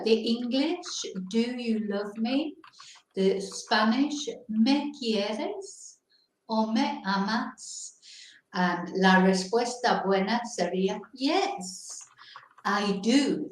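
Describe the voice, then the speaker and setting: A woman hosting a casual bilingual chat, teaching words slowly and switching between English and Spanish. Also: medium pitch, a little hiss or hum. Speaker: host. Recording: very echoey room.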